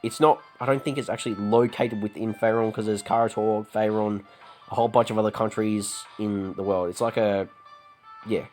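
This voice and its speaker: An Australian let's play host with a low-leaning, darkish voice and fairly even intonation reads game dialogue at a moderate pace over game music, in a low-quality recording. He stumbles into frequent restarts, chuckles, and loosely voices the characters.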